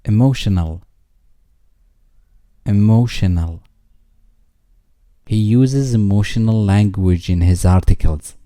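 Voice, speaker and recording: A man reading English vocabulary words twice each, followed by a slow example sentence. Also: lowish voice, warm tone, no echo, clean studio sound.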